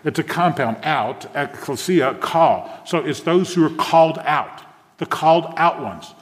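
A man's voice: on the high side, animated, measured pace. A man, a pastor preaching a sermon to a congregation, engaging them with questions. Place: church sanctuary with a congregation. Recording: long hall reverb from a church.

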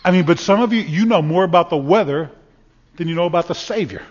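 A man's voice: high voice, quick pace. A man preaching a sermon as a pastor, folksy and storytelling, often repeating words as he builds his points. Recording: dull sound with long reverb in a hall.

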